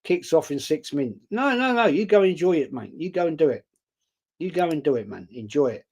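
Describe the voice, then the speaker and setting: A man's voice: a little high, expressive, brisk, a little mellow, slightly rough. A man chatting casually on a live stream, reading out viewer comments and answering them bluntly. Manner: blunt, outspoken, chatty, calls viewers mate.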